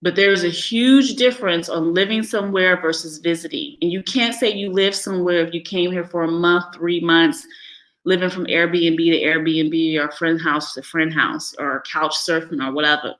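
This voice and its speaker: This is an American woman with an African American English accent, talking off the cuff in a live vlog. Her voice is bright and forward, with a candid, unfiltered manner. She laughs readily and throws in animated little impressions of other people. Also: on the low side, moderate pace, poor audio. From United States. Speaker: vlogger living abroad. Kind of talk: casual live-stream monologue.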